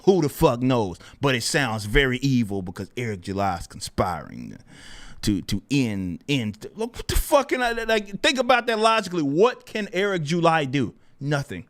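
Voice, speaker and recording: A man hosting a livestream, talking in a casual, animated rant. He sounds incredulous, laughs often, swears freely, and swings between loud exclamations and low muttering. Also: moderate pace. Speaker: livestream host.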